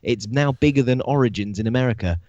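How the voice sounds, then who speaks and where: A man's voice: mid-range voice, fast talker, darkish tone, dry recording. A man from the UK co-hosting a podcast, chatting with enthusiasm and saying "amazing" often. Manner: enthusiastic, says "amazing" a lot. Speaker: podcast co-host. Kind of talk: casual chat. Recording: dry, dull lo-fi podcast audio.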